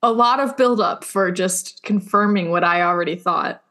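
A young woman with a mid-range, bright, forceful voice co-hosts a podcast at normal speed. Chatting casually, she's sarcastic and teasing, mocking her relatives by doing their voices in quotes.

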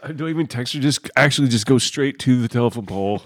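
A man's voice: mid-range voice, fast, no room sound. A man in casual comedic chat, joking and laughing often as he acts out silly scenarios.

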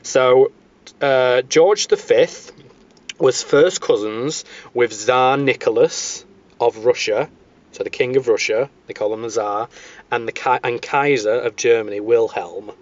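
A man's voice: mid-range voice, animated, takes it slowly. A man hosting a casual podcast, telling history in a rambling way with many fillers and restarts, on a dull lo-fi recording. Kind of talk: casual chat. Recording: dull lo-fi sound.

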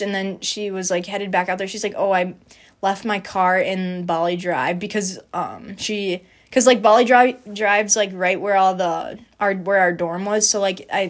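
A young woman, a college student, chatting casually about her freshman year, bubbly and full of "like" and "um". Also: medium pitch. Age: young adult. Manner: chatty and bubbly, heavy use of "like" and "um". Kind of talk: casual storytelling chat.

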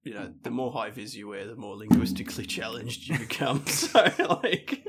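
A young man from Australia chatting casually in a crude, laid-back way, often trailing off softly. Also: medium pitch, lively intonation, moderate pace, over music. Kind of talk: casual chat.

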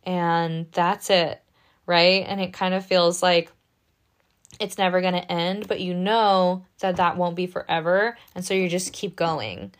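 A woman giving a casual spoken tarot reading in a gentle, reassuring, chatty way, often tagging her lines with "right?". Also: on the low side, steady tone, normal speed. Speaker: tarot reader.

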